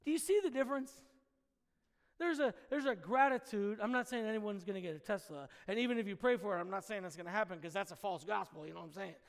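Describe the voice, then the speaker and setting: A man with a very high voice preaches to his congregation, chatty and informal, then breaks into sudden loud exclamations. His voice rings through a church hall with a long echo. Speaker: pastor. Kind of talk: sermon.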